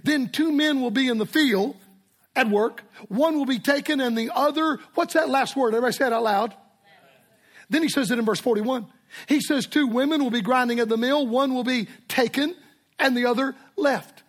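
High-voiced older preacher. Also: male voice, moderate pace. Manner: emphatic storytelling preacher, repetitive cadence. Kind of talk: sermon. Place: church.

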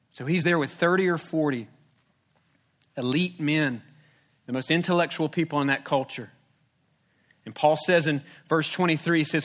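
A man's voice: fairly high pitch, fairly bright tone. A man preaching a sermon as a pastor, conversational and humorous, with rhetorical questions.

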